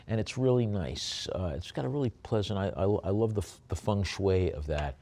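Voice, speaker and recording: A man working as an auctioneer, describing lots in a rambling way with many fillers and then calling bids briskly. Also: low-pitched, warm tone.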